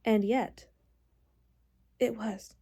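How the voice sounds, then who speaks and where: She's a young book vlogger in a casual chat, emotional and weepy with happy tears, leaning on "like" as a filler throughout her gushing. Her warm voice, medium in pitch with a breathy edge, moves very slowly and keeps a fairly even intonation.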